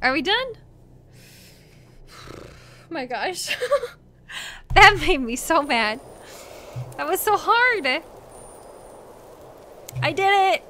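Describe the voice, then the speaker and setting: Young woman game streamer, super lively voice all over the place, unhurried, yells and laughs a lot. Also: very high voice, slight background noise. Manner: excitable, shouting and laughing at the game. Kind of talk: live gameplay commentary.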